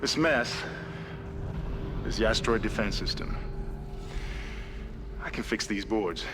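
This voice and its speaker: A man's voice: lowish voice, a little slow, close to an everyday voice. An actor as a tense male engineer. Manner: tense, matter-of-fact briefing. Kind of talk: video game dialogue. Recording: game audio with clear ambient noise.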